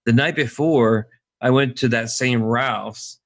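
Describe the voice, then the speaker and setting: A man co-hosting a podcast, telling a rambling anecdote in casual chat and acting out the people he quotes. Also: slow. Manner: rambling anecdotes, acts out quoted voices higher. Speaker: podcast co-host.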